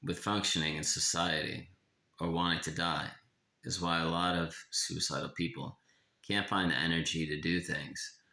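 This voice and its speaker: Very deep, gravelly man reading somberly. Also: sharp tone. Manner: somber, confessional, slow in places. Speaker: author reading his own writing. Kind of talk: reading a personal memoir aloud. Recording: echoey room.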